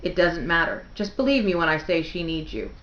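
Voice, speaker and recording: A woman's voice: fairly low pitch, expressive, fairly quick, fairly bright tone, roomy sound, highs cut off. A woman voicing an anxious sixteen-year-old boy, urgent and pleading.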